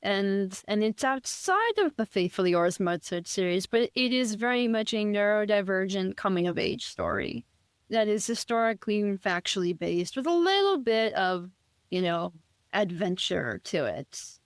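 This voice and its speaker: A woman's voice: medium pitch, big pitch swings, normal speed, smooth, no room sound. A woman author, a guest on an interview show, talking eagerly in casual chat and rambling with frequent restarts.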